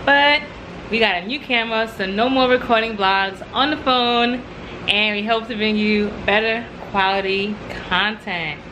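A woman's voice: a little high, unhurried, background noise. A woman hosting her own vlog, chatting to viewers in a bubbly, laughing way. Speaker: vlog host, bride-to-be. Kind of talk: casual vlog chat.

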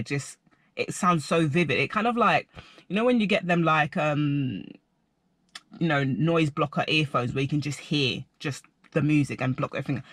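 A young man telling a rambling personal story to camera, animated and full of filler words. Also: a little high, no room sound. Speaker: vlogger.

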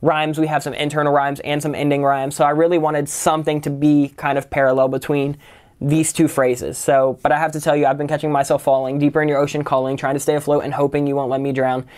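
Fast and flat in delivery, a slightly high-voiced man with a smooth, darkish tone breaks down a song's lyrics line by line. It's a casual songwriting lesson on rhymes and syllable structure, peppered with "kind of" and "right?".

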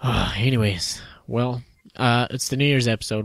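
Male podcast co-host, casual and jokey, average pitch, dead-dry close mic. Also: unhurried, gravelly, no echo. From United States. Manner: joking, laughs often, trails off and restarts. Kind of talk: casual chat.

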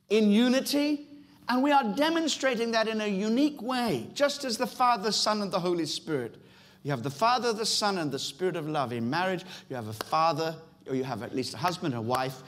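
In church, a high-voiced, middle-aged pastor with a British accent preaches emphatically. Key phrases recur throughout, and he speaks directly to his congregation.

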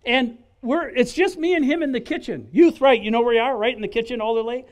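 A middle-aged man giving a lively, conversational personal testimony to a church crowd. He keeps checking in with "right?" and acts out the voices in his stories. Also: very high voice, brisk. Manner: animated, conversational, acts out quotes, frequent "right?". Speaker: guest speaker giving testimony. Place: outdoor church service in a park.

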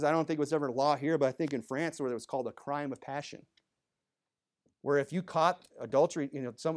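Conversational man preaching a sermon. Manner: conversational, full of "you know" asides; swings from emphatic bursts to low, quiet asides. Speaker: pastor. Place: church.

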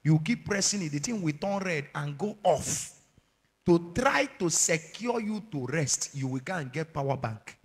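A man with a Nigerian accent preaching a sermon as an evangelist, moving from low murmurs to shouted warnings. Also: lively intonation, normal speed, slightly rough. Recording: long hall reverb.

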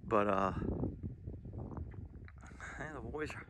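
A man's voice: fairly low pitch, takes it slowly, noisy background. A man hosting a casual vlog who rambles in a folksy way, swears casually and chuckles often while he films his animals outdoors on a phone. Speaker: channel host talking about his animals. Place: outdoors in a yard. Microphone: phone camera.

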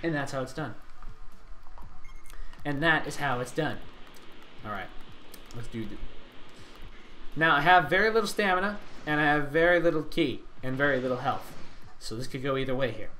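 A young man hosting a gaming channel, giving excitable live commentary on his gameplay and yelling taunts at the enemies. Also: mid-range voice, moderate pace, pauses often, faint music behind.

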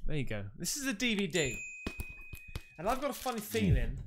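Male vlog host, bouncy animated delivery, chatty, excitable, lots of mates. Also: sits high, a little fast, background noise. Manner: chatty and excitable, calls viewers mate. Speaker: YouTube host. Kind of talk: casual unboxing vlog chat.

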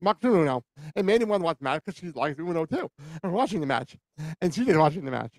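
A man co-hosting a casual podcast, ranting excitedly with lots of laughter and swearing. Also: fairly high pitch, racing, dry recording. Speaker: podcast co-host. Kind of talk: casual wrestling chat.

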